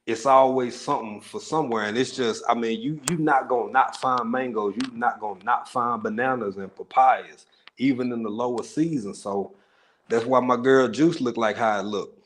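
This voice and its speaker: A man hosting a casual livestream chat from his home in Tanzania, rambling with restarts and shouting out viewers. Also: mid-range voice, moderate pace. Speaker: livestream host.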